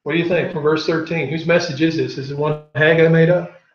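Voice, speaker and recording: A man with a somewhat high voice leads a Bible class in an echoey room. He reads scripture aloud and then asks the class questions. The recording is dull and lo-fi. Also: fairly even intonation, brisk.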